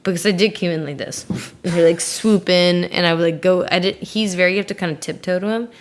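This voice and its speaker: Low-voiced woman with vocal fry. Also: steady tone, quick pace. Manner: rambling, filler-heavy, giggly. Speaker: interview guest. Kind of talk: casual chat.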